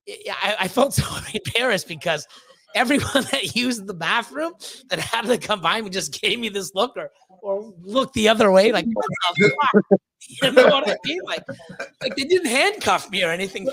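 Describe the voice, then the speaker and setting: High gravelly man telling a rambling story. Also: moderate pace. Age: 50s. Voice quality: profane, rambling, animated when retelling quotes. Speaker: guest. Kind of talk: casual storytelling on a live stream.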